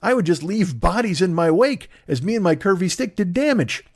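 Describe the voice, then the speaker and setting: A man's voice: high-pitched, animated, fairly quick, no room sound, clean studio sound. A man doing a profane, riffing comedic monologue as a podcast host.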